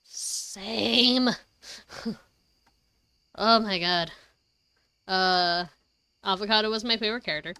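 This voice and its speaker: A woman streamer chatting casually at home, rambling and excitable, swearing freely. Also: mid-range voice, takes it slowly, pauses often, clean tone, no room sound. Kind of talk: casual livestream chat. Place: her home.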